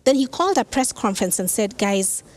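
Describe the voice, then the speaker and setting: A woman pastor delivers her sermon in a slightly high voice, telling the story with energy and the ease of conversation. She drops in casual asides as she goes. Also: fast talker. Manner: animated storytelling, acts out quoted lines.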